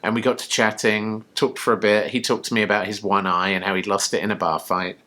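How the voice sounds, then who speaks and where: A man's voice: fairly low pitch, flat delivery, fairly quick, pushed and bright. A man from the UK co-hosting a tipsy casual chat, rambling through jokes and stories. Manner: rambling, storytelling, jokey. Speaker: co-host.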